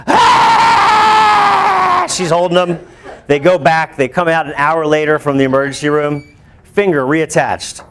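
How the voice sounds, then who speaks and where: A male teacher telling a lively personal story to his students, breaking into shouts and laughter. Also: fairly high pitch, moderate pace, background noise. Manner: animated, bursts into shouts and laughs while telling. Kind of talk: storytelling to a class.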